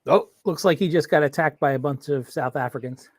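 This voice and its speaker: A man chiming in on a live-stream chat, easygoing and measured. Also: fairly high pitch, dry recording, studio quality.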